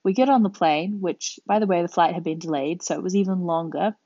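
A woman's voice: fairly low pitch, fairly quick, mellow, no room sound. A young woman hosting a podcast, telling a travel story in a rambling, chatty way full of fillers. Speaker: podcast host. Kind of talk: casual storytelling monologue. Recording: dull lo-fi dry home recording.

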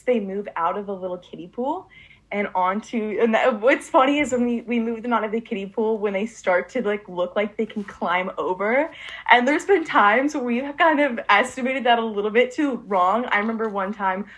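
A woman's voice: mid-range voice, fairly bright tone. A teenage girl in an interview, telling a long story eagerly and rambling, with frequent fillers and restarts. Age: late teens. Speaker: interviewee, student puppy breeder.

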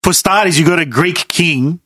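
A man's voice: on the high side, normal speed, pushed and bright, breathy edge, dry recording. A man talking casually about films, rambling and searching for words. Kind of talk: casual chat.

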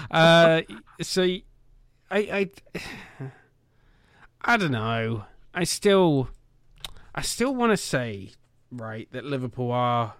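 Hesitant male podcast co-host, smooth voice. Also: mid-range voice, big pitch swings, very slow, pauses often, fairly bright tone, no echo, clean studio sound. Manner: hesitant, lots of ums, easygoing. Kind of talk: casual football chat.

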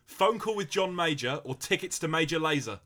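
Young guy cracking dry jokes, bright voice that jumps around. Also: on the high side, lively intonation, normal speed. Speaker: podcast co-host. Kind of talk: casual comedic chat.

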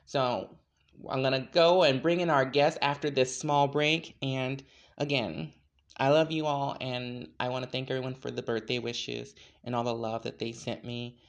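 A woman's voice: very deep voice, steady tone, normal speed. A woman hosting a podcast, chatting casually and introducing her guest with lots of fillers. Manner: chatty, warm-hearted, filler-heavy. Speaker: podcast host.

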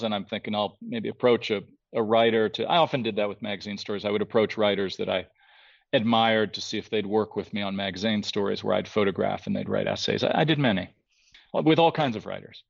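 A man telling a story as a podcast guest, animated, restarting his sentences and acting out the people he quotes. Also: lowish voice, quick pace, vocal fry, dull audio. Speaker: guest artist.

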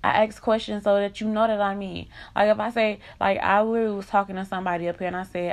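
A woman's voice: mid-range voice, little pitch movement, quick pace. A young woman in an emotional vlog rant, venting in raw, profane country slang.

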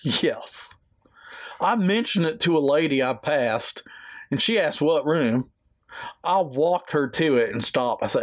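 A man co-hosting a podcast in casual chat, reading hotel reviews aloud in a jokey, animated way. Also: a little high, unhurried. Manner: animated, jokey, laughs often while reading. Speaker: podcast co-host.

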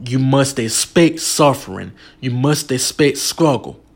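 A man's voice: mid-range voice, animated, a little slow, creaky, slightly rough. A man preaching a sermon with emotional, emphatic delivery. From United States.

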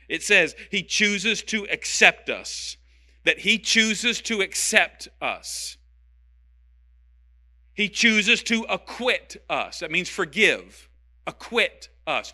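A man's voice: high-pitched, lively intonation, takes it slowly, sharp tone. A male pastor preaching a sermon with passion and emphasis, repeating key phrases to drive them home.

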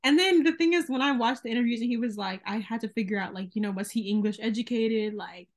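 A woman's voice: a little high, quick pace. A young woman hosting a podcast, talking in an emphatic, wry casual chat. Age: young adult. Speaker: podcast host.

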